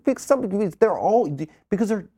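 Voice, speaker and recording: A man hosting a comedy podcast, trading deadpan jokes and excitable outbursts. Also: sits high, fairly quick, husky. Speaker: podcast host. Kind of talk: comedic banter.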